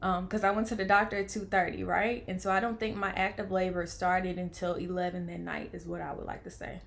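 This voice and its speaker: A young woman, telling a personal story in a casual vlog, lively, playing out the voices of people she quotes. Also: lowish voice, fairly quick, creaky. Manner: animated, acts out quoted voices, laughs often. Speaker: vlogger telling her birth story.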